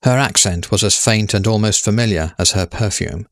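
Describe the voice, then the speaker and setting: A man narrating a story in a measured, steady way. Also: lowish voice, no room sound, clean studio sound.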